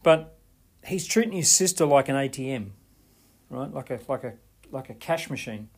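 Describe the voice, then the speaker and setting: A man's voice: mid-range voice, animated, normal speed, a little mellow, slightly rough. A man hosting a money podcast, telling a client story in a conversational way and often checking in with "right?". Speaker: podcast host and money coach.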